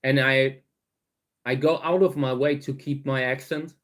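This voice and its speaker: A man's voice: mid-range voice, fairly even intonation, unhurried. A middle-aged man from Germany's Saarland with a thick German accent, talking casually to his viewers with many fillers and restarts. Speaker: cactus grower and channel host. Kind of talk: casual talk to camera.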